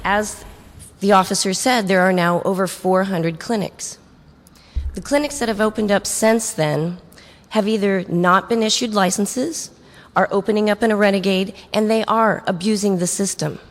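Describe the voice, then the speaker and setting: A woman giving an earnest, firm public comment at a city meeting. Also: mid-range voice. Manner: earnest, firm, slightly halting. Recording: echoey council chamber.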